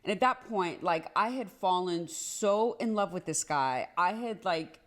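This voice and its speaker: Animated woman telling a personal story. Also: lowish voice. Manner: animated, rushed, repeats herself with many "like"s. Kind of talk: casual storytime monologue.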